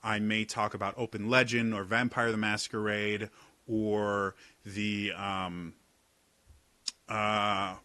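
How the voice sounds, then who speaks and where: A young man gives acting tips for tabletop role-play straight to camera. His voice sits a bit low yet sounds bright and forceful. He talks in a loose, halting way, with many fillers and repeated words. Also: little pitch movement, dry recording. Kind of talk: casual talk to camera.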